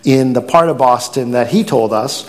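A man's voice: medium pitch, moderate pace, in a large hall. A man preaching a sermon as pastor, telling stories with animation and acting out quoted lines.

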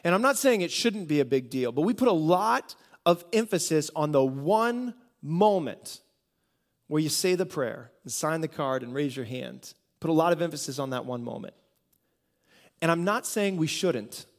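A man's voice: fairly high pitch, lively intonation, moderate pace. A pastor from the United States giving a conversational sermon, asking rhetorical questions and often repeating phrases as he builds a point.

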